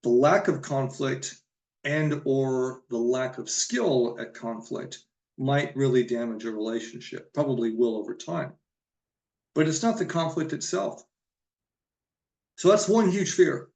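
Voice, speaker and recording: A man's voice: medium pitch, unhurried, vocal fry, a little mellow, reverberant. A man giving an earnest, emphatic solo talk to camera about relationships, stressing and repeating his main points like a counselor.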